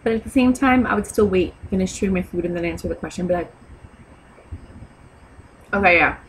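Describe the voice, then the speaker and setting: A woman's voice: lowish voice, very fast, a little mellow, a little hiss or hum, low-quality recording. A woman giving etiquette advice in a casual vlog, talking in a blunt, sassy, lecturing way. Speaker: vlogger.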